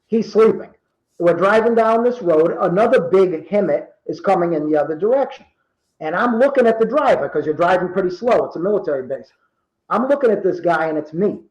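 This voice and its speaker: A man in his fifties from Rhode Island, telling true stories in casual talk and acting out the quoted dialogue with lively energy. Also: high voice, a little fast, reverberant, low-quality recording. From Rhode Island, USA. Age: 50s. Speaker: guest. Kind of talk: casual storytelling.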